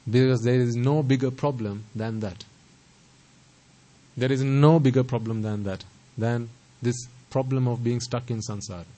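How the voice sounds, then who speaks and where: A man's voice: medium pitch, a little mellow, poor audio. Male Buddhist teacher, mid-range voice, sermon delivery, rhetorical and emphatic. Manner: rhetorical questions, repeats phrases for emphasis; stresses pronunciation carefully.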